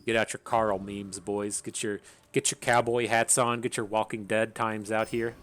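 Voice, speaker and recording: A man's voice: on the low side, level tone, moderate pace, fairly bright tone, faint music behind. A man giving casual commentary while playing a video game, rambling, repeating words and swearing now and then. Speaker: gaming streamer.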